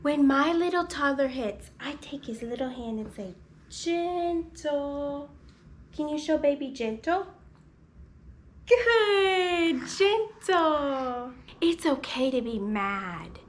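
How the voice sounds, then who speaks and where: A woman's voice: high voice, lively intonation, moderate pace, hardly any pauses. A woman who hosts videos as a speech therapist, teaching toddlers in an exaggerated sing-song voice with lots of gasps.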